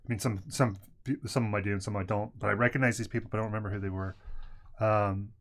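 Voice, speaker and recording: A man from Ohio with a somewhat low voice chats casually as a podcast co-host. He jumps in with quick questions and tells stories in a loose, easygoing way. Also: steady tone. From Ohio, USA. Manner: curious, quick interjections, loose storytelling. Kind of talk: casual chat.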